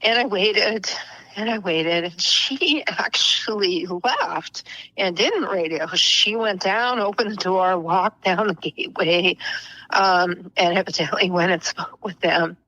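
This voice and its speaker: A middle-aged woman, a podcast guest, telling an emotional personal story in a slow, earnest way. At tender moments she drops to a whisper. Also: lowish voice, sharp tone, rough recording.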